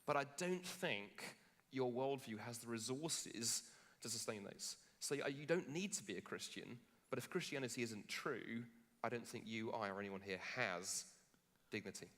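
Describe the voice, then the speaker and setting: A man with a bright, forward voice argues on stage at a live debate. Jet lagged, he still talks playfully and keeps restarting his sentences. His voice rings out with the long reverb of a large conference hall. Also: medium pitch, normal speed. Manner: jokey, animated storytelling with many restarts. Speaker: Christian philosopher debater.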